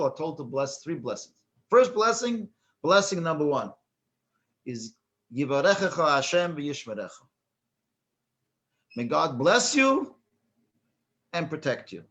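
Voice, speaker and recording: A man's voice: a little high, fairly bright tone. A man who is a rabbi teaching a class, telling a joke and then explaining a prayer with many restarts. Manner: halting, many restarts and fillers, chuckles at his own joke. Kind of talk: storytelling then lecture.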